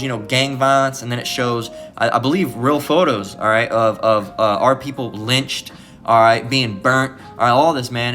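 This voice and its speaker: A man's voice: mid-range voice, a bit bright. A man giving an informal preaching lesson, emphatic and profane, who keeps asking "all right?".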